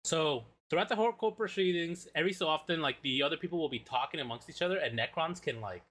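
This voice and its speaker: A man with a slightly high voice speaks fast as a podcast co-host, retelling a funny story in casual fashion. He is animated, swears, and acts out what people said.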